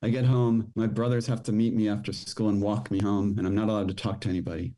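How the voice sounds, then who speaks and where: A middle-aged man, a podcast guest, telling a personal story in a rushed, halting way with many restarts. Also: fairly low pitch, flat delivery, dark tone.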